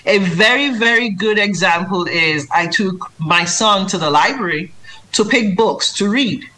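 A woman's voice: medium pitch, a little slow, slight background noise, poor audio. A woman who writes children's books and tutors maths, answering interview questions in an earnest, emphatic way. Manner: earnest, emphatic, lively when mimicking reading aloud.

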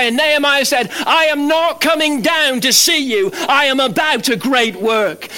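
A man preaching a sermon as pastor, animated, swinging from loud emphatic lines to low quiet ones.

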